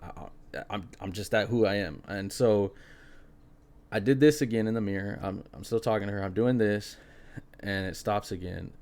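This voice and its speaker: A young man hosting a podcast, telling a spooky personal story in an animated, casual way, full of fillers. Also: fairly low pitch, moderate pace. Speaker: podcast host.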